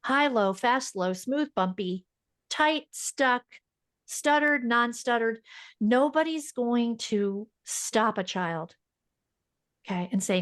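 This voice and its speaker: A woman who is a speech-language pathologist, speaking as a podcast guest in a fast, emphatic, teacherly way. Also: fairly high pitch, lively intonation, no room sound, clean studio sound. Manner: fast-talking. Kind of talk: podcast interview.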